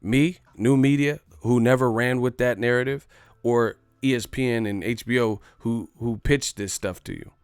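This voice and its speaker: A man's voice: mid-range voice, normal speed, smooth, no echo, clean studio sound. Brash man giving boxing commentary. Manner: brash, animated, slangy. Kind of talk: live stream commentary.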